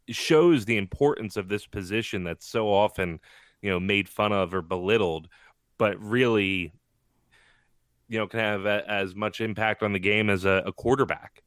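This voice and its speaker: A man with a lowish voice talks sports in loose, rambling chat. He laughs easily. The sound is dry and close, with no room around it. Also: a bit bright, clean tone, no echo. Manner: chatty, laughs often, rambling. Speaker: podcast co-host. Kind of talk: casual chat.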